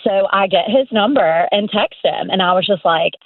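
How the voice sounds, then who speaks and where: A woman in her thirties calling in to a talk show, telling a story with lively laughs. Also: mid-range voice, normal speed, dry recording. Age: 30s. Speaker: caller. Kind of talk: casual storytelling on a call-in show. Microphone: phone call. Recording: tinny phone line.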